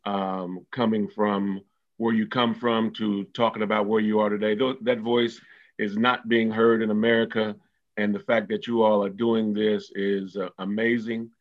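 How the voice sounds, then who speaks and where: A man's voice: on the low side, little pitch movement, moderate pace. Earnest man on a muffled line. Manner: earnest, repeats words, many fillers. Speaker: guest. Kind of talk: conversational interview.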